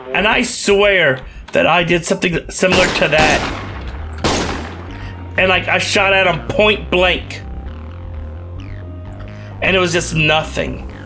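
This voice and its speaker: A man with a cough giving rambling, jokey, excitable commentary while playing a game. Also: high-pitched. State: has a cough. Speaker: let's play gamer. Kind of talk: casual gameplay commentary.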